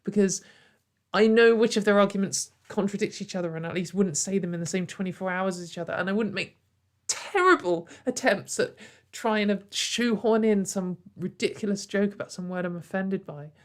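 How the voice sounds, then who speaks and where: A woman's voice: medium pitch, moderate pace. A woman giving sarcastic, exasperated commentary and laughing often. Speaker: online commentator. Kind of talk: ranting commentary video.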